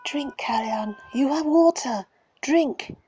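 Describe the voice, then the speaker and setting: A woman's voice: high voice, takes it slowly, warm tone, slight background noise. A woman voicing a mocking, sarcastic ghost child in a storybook reading. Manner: sarcastic, taunting.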